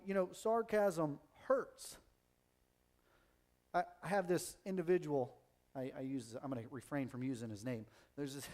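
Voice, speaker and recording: A man's voice: a little high, a little mellow. A man preaching a sermon in an earnest, conversational way, with frequent restarts and hesitations.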